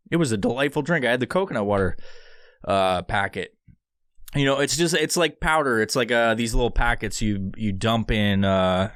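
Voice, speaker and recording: A male podcast host talks alone into a studio mic, rambling, sarcastic and heavy on swearing. His voice sits at a middling pitch and sounds dry and close. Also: fairly bright tone, no room sound. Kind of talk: solo podcast talk with ad read.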